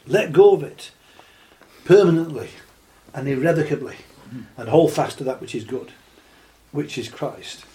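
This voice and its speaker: A man preaching a sermon, reading scripture slowly and then building into impassioned, rising exhortation. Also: a little high, animated, mellow. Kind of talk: sermon, Bible teaching.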